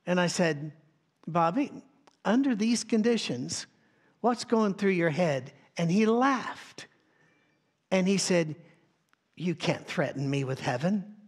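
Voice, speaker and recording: Slightly high-voiced male pastor preaching. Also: unhurried, husky. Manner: conversational storytelling with frequent restarts. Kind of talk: sermon. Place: church sound stage.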